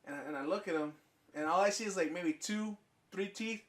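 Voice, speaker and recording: A man's voice: sits high, brisk. A young man on a casual podcast telling a crude story, swearing freely and acting out both sides of a conversation. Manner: profane, animated storyteller acting out dialogue. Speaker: podcast co-host.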